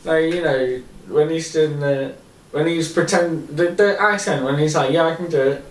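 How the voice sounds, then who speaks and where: A man's voice: a little high, moderate pace. A man co-hosting a casual podcast chat, eager and sweary, cutting in often. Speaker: podcast co-host. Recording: roomy, distant mic, faint hiss.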